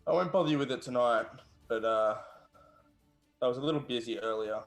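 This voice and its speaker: A man voicing a steady, caring leader in a tabletop role-play, talking calmly with hesitant pauses. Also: medium pitch, faint music behind, lightly acted. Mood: concerned. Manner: calm, hesitant, with filler pauses.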